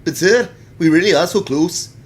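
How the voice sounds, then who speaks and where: A man voicing a desperate mad scientist who pleads in a high, strained voice. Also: moderate pace, lightly acted. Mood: pleading.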